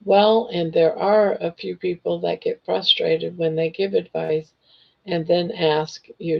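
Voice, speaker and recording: Hoarse, gravelly older woman. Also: on the low side, fairly even intonation, takes it slowly. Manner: gentle, reassuring. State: hoarse, losing her voice. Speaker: livestream host. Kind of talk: casual chat reading viewer comments. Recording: dull lo-fi livestream audio.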